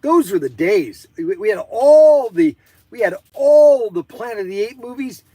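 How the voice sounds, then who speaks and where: A man hosting a live stream in casual chat, rambling and excitable with many fillers. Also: high voice, measured pace, dry recording.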